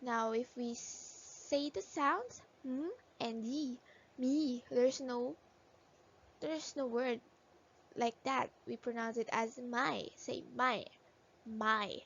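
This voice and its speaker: A woman's voice: a little high, takes it slowly, slightly rough. A woman teacher patiently sounding out letters and words in a phonics lesson for young children. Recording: dull lo-fi recording.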